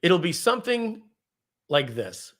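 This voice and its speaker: A man hosting a live software webinar, giving an energetic, salesy screen-share demo and clearing his throat often. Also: high voice, unhurried. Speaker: webinar host, software founder.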